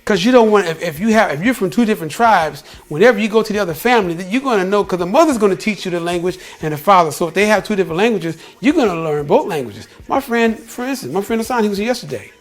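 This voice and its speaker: Man from the US, fairly high voice, emphatic casual vlog talk, repeats himself, soft music underneath. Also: animated, fast talker, hardly any pauses. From United States. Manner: emphatic, repetitive, calls listener "bro". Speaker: vlogger. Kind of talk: casual opinion talk to camera.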